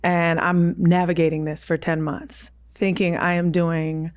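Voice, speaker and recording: A woman's voice: lowish voice, little pitch movement, unhurried, a little mellow. A woman in her thirties, a podcast guest, telling a personal story vividly and acting out the dialogue she quotes.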